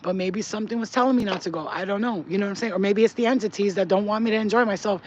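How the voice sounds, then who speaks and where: A man's voice: sits high, very fast, highs cut off, slight background noise. A man who works as a spiritual healer, chatting casually on a live stream. He talks in a loose, slangy and profane way and reads viewer comments aloud. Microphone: phone.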